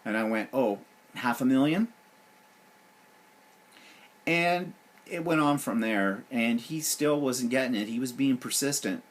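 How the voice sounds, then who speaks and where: A man's voice: medium pitch, moderate pace, fairly bright tone. A man hosting his weekly vlog, griping sarcastically and with animation. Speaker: vlog host. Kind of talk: casual vlog rant.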